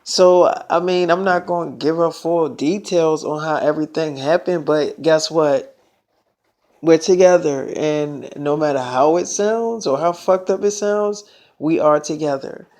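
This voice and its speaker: A man's voice: a little high, unhurried, a little mellow. A man telling a made-up story in a casual, slangy, rambling way, full of fillers.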